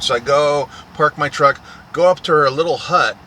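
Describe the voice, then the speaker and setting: A man's voice: on the high side, moderate pace, bright, forceful tone, a little hiss or hum. A man, a truck driver, in a profane, repetitive, aggrieved ranting monologue.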